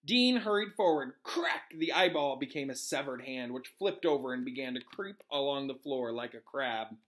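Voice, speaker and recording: A male teacher reading a novel aloud to his students in an animated way, pausing to correct himself and explain. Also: mid-range voice.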